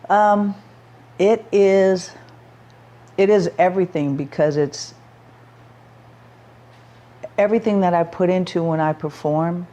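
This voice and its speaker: A woman's voice: fairly low pitch, slow, long pauses, warm tone, highs cut off. A middle-aged woman musician, a guest in an interview, talking heartfelt about performing, restarting her sentences and laughing easily. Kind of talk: interview conversation.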